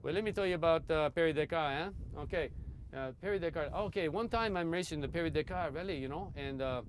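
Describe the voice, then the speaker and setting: A man's voice: a little high, fast talker, background noise, pitched above the performer's own voice, natural voice. A man voicing a short, cocky male desert motorcycle racer who talks in boastful broken English and swears.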